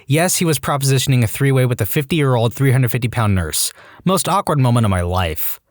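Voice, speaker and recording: A man narrating online stories in a lively, sing-song delivery, his pitch rising and falling freely. The recording is dry and close, with no room sound. He breaks off into comic rants between stories. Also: a little fast, no room sound. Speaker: story narrator.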